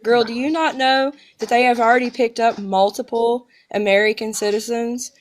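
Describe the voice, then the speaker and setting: A woman co-hosting a casual live stream speaks a little above the usual pitch for a woman. She teases and ribs the people they are talking about in easy, laughing banter with the host. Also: steady tone, normal speed. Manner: teasing, giggly banter.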